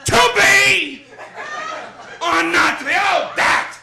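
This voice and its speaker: A stand-up comedian playing a blustering loudmouth comic man hamming up Shakespeare, with bombastic bellowing. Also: very high voice, slow pace, creaky, a crowd in the background, pitched above the performer's own voice, full character voice. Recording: noisy live audience laughter.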